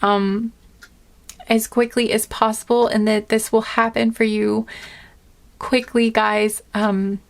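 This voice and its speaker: A woman giving a casual spoken tarot reading to her viewers, gentle and earnest, rambling with many fillers and restarts. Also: fairly high pitch, little pitch movement, slow, vocal fry. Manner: earnest and emotional. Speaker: tarot reader.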